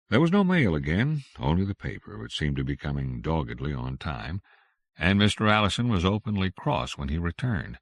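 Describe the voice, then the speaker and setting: A man narrating an audiobook in an expressive storytelling manner on a close microphone. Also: low voice, normal speed, no echo. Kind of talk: scripted narration.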